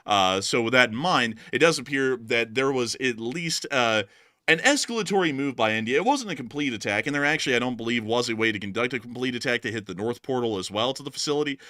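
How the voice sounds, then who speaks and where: A man's voice: medium pitch, lively intonation, quick pace, bright, forceful tone, no echo, studio quality. An American man hosting a live war-news stream, talking to viewers with plenty of filler words. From United States. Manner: talkative, many filler "uh"s, addresses viewers as folks. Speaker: war news show host.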